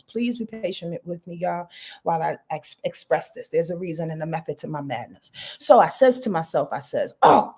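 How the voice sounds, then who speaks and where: A woman's voice: lowish voice, lively intonation, moderate pace, darkish tone, husky. A middle-aged woman astrologer talking frankly in a casual confessional vlog, rambling and swearing freely.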